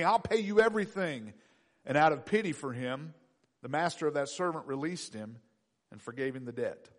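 A male pastor preaches a sermon emphatically in a high-pitched voice, repeating key phrases and swinging between loud and hushed delivery.

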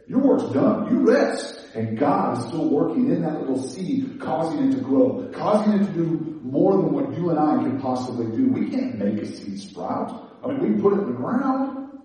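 A man preaching a sermon in a conversational, animated way, laughing and restarting as he talks. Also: mid-range voice, normal speed, very echoey, far from the mic, rough recording. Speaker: pastor.

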